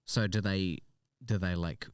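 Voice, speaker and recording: A man's voice: sits low, fairly even intonation, a little slow, clear, resonant tone, no echo, clean studio sound. A man with an Australian accent hosting a podcast in casual chat, joking and swearing freely. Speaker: podcast host.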